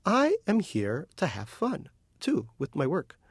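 Gravelly guy, novelist in an interview, jokey and animated, dry sound. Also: on the high side, no room sound. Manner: animated and joking, quick to laugh. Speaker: novelist guest. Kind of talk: casual interview chat.

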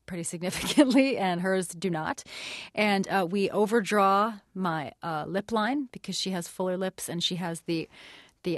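A woman's voice: fairly low pitch, no echo, studio quality. A woman guest in a radio interview, explaining her craft thoughtfully with many hesitations and light laughs. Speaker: actress and guest.

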